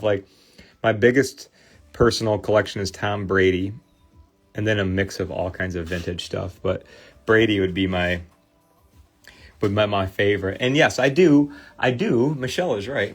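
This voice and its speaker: A man in his thirties with a Midwestern American accent, hosting a casual livestream and chatting loosely with viewers while he works, full of fillers and restarts. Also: fairly low pitch. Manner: rambling, friendly, many fillers and restarts. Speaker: host of a card cleaning livestream.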